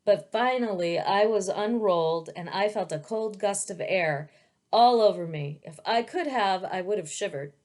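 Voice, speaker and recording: A woman reading as a gentle young dragon. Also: medium pitch, moderate pace, natural voice. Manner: earnest storybook telling. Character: young male dragon born from a painting, eager, gentle.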